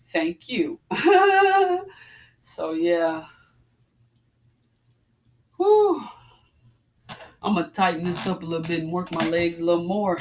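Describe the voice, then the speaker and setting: In her forties, this fitness vlogger talks casually to "y'all" as she exercises, a bit out of breath, with breathy exclamations between sets. Her lowish, slightly mellow voice is flat in delivery, and she talks a little fast with few pauses.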